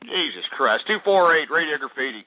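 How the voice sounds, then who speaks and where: Angry high-voiced male radio host. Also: expressive, fairly quick, noisy background. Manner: angry, insulting, swears at callers. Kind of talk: call-in radio rant. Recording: phone-like lo-fi radio.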